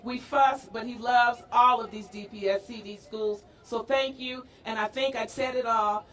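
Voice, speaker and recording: High-voiced woman calling out thanks outdoors. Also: fairly even intonation, a bit bright. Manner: effusive, drawn-out calls, thanking groups. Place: outdoor rally at a school parade. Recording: distant outdoor news mic with street noise.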